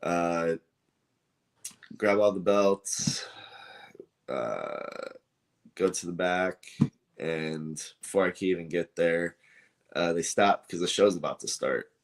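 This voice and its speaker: Low-voiced man telling a story. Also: takes it slowly, pauses often. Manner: rambling, many fillers, re-enacts dialogue. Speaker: belt maker, guest. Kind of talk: casual storytelling interview.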